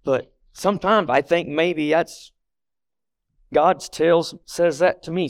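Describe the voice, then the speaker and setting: A man's voice: on the high side, measured pace, no room sound. A middle-aged man giving a conversational sermon as a lay church member, earnest and plainspoken, talking directly to the congregation.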